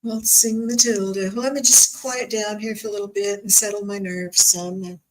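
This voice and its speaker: A woman hosting a live-streamed spiritual reading as a psychic medium, speaking softly and gently and drawing out her words. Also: medium pitch, normal speed, rough recording.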